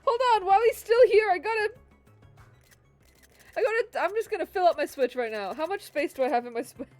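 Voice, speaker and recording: A woman streaming a game, reacting in an excitable way and swearing, laughing and exclaiming at what happens on screen. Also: very high-pitched, brisk, no room sound, soft background music. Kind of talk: live gameplay commentary.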